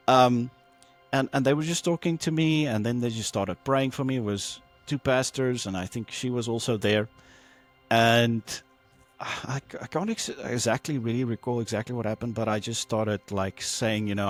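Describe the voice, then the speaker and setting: Male guest, mid-pitched, recounts a personal story with animated quoted voices and loose fillers over faint music. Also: moderate pace. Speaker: podcast guest.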